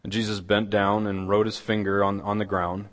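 A man preaching a sermon, retelling a scripture story dramatically and dropping his voice to a near hush. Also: lowish voice, completely flat delivery, normal speed, big-room sound. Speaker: pastor. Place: church.

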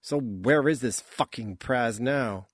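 A man playing a gruff swearing crewman. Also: medium pitch, slow, no room sound. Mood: demanding. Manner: gruff and commanding. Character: blunt, swearing male crewman.

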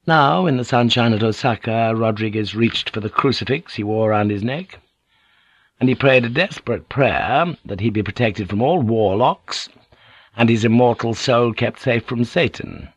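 A man's voice: medium pitch, moderate pace, dry recording. A man steadily narrating an audiobook. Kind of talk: scripted narration. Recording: dry close studio sound.

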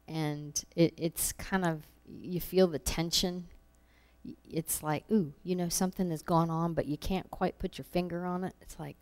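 A woman's voice: fairly low pitch, darkish tone. A woman giving an informal sermon, telling personal stories in a conversational way with laughs, acting out her own thoughts. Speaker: preacher.

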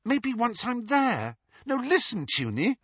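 A man's voice: huge pitch swings, slow pace, a bit bright, husky, dry recording, exaggerated voice. A man reading an audiobook, voicing an earnest young witch girl in a raised, pleading voice. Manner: pleading, emotional, higher voice. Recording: slightly dull, dry recording.

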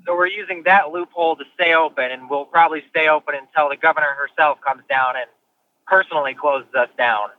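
A man's voice: on the high side, a little fast. A car salesman talking bluntly in casual phone chat, with some swearing. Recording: tinny phone line with faint noise.

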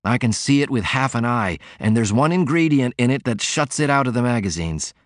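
A man's voice: medium pitch, expressive, fairly quick, no echo, clean studio sound, pitched above the performer's own voice, close to an everyday voice. A man voicing a sickly, sardonic man with a mocking, cutting way of talking.

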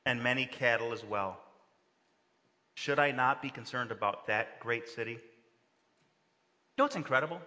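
A male pastor preaching a sermon, animated, acting out quoted lines with big swings in pitch. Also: moderate pace, long pauses. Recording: long reverb of a large hall.

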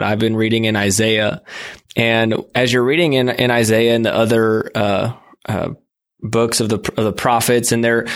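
A man's voice: lowish voice, fairly bright tone. Earnest man speaking steadily. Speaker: podcast guest and minister. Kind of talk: casual faith talk.

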